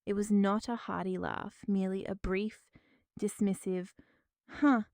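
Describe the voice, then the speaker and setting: A woman narrating a dramatic first-person story in a measured, formal way. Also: medium pitch, level tone, creaky, darkish tone, no room sound, clean studio sound.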